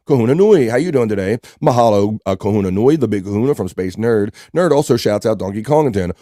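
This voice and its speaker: A man hosts a casual livestream, working through viewer messages and calling out names in a loose, joking way. His voice sits at an ordinary pitch with a warm, mellow tone. The sound is dry and close, with no room around it. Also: fairly quick, hardly any pauses, no echo. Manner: reads chat messages aloud and gives lively shout-outs. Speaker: livestream host.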